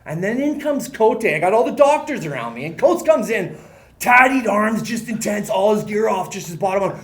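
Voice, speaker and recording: A man, a former hockey player, telling animated stories in casual chat as a guest, often laughing and swearing casually. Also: sits high, normal speed.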